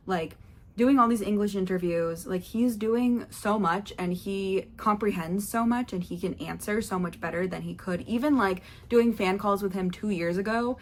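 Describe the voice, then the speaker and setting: Chatty young woman rambling excitedly. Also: mid-range voice. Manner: rambling, excitable, lots of fillers and self-quotes. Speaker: vlogger. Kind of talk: chatty concert recap vlog.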